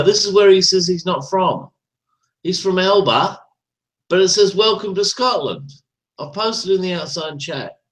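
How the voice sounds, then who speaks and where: A man's voice: high-pitched, poor audio. A man calling in to an online talk show, ranting and swearing, tagging "right?" onto his points. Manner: ranting, profane, repeats "right?". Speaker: caller. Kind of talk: casual chat.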